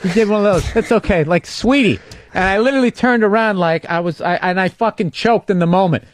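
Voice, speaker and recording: Man, comedian, casual podcast banter, fairly high voice, dry close mic. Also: fast, dry recording. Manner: swearing, storytelling, teasing. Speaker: comedian co-host.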